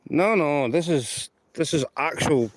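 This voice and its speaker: A Scottish man streaming live from the railway side as a trainspotter speaks in an expressive, fairly high voice, taking his time. Into a handheld camera he chats casually, rambling, emphatic and repetitive, with no room sound.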